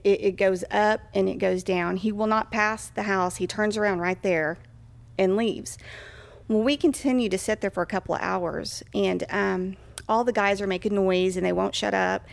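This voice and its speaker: Woman with a creaky voice telling a story. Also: mid-range voice, fairly even intonation, unhurried. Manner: chatty, with frequent fillers and acted-out quotes. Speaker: guest telling a ghost story. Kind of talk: casual storytelling.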